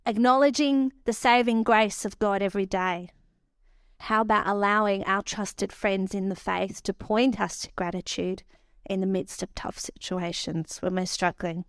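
A woman, preaching a sermon and telling stories with animated quoted voices. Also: medium pitch, normal speed, clean tone, no echo, clean studio sound.

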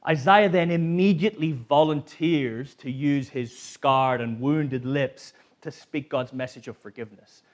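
A man preaching a sermon to a congregation, talking in a lively, conversational way and putting questions to them. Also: a little high, husky. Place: church hall.

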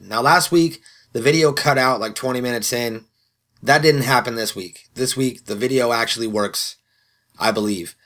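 A man's voice: medium pitch, fairly bright tone. A man hosting a podcast, talking loosely with swearing and self-mocking asides into a podcast microphone. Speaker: podcast host. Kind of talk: casual solo podcast intro. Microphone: studio podcast microphone.

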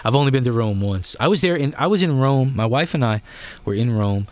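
A man's voice: mid-range voice, expressive, fairly quick, no echo. A man in his forties hosting an interview, chatty and given to rambling anecdotes. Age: 40s. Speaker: interviewer host. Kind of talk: conversational interview.

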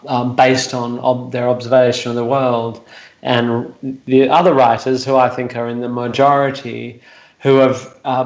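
A man's voice: mid-range voice, reverberant, poor audio. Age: adult. Sex: man. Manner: rambling, reflective. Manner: rambling reflective monologue, self-deprecating, swears. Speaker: guest actor and writer. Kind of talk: casual chat on a video call. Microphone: video call.

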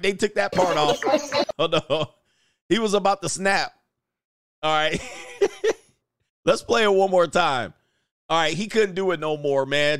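A man's voice: a little high, fairly bright tone, dry recording, clean studio sound. A man hosting a casual reaction show, joking in slang and often laughing as he comments on clips. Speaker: commentary host.

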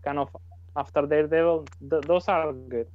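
A man's voice: a little high, steady tone, moderate pace, no room sound. Easygoing man on a dull dry mic. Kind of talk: casual chat.

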